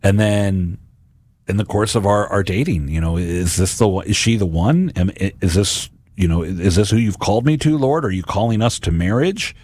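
A man's voice: lowish voice, moderate pace, darkish tone, dry recording. Earnest man giving a gospel reflection. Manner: earnest, conversational, with frequent repeated words.

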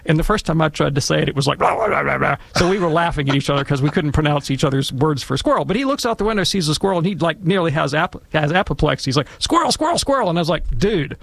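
Man, gravelly, higher voice, dry sound, discursive radio answers, rambling asides. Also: racing, hardly any pauses, dry recording. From Alabama, US. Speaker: Catholic apologist guest expert. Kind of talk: conversational radio Q&A.

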